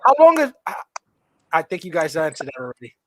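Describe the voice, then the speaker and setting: High-voiced New York man hosting. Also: wildly swooping pitch, fast talker, a bit bright, no echo. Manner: teasing, stammering restarts. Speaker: livestream show host. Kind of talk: casual call-in chat.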